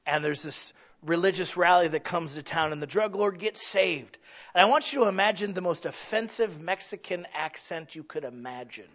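Bright-voiced preacher man, loud and soft. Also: high voice, animated, normal speed, highs cut off. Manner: swings from hushed to shouting, conversational with stumbles. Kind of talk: sermon.

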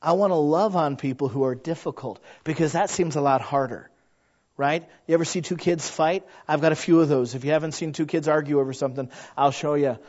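A man's voice: fairly high pitch, a little fast. A man in his thirties preaching a sermon, telling stories and acting out the voices of the people in them. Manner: animated storyteller who acts out quoted voices. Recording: slightly dull lo-fi sound.

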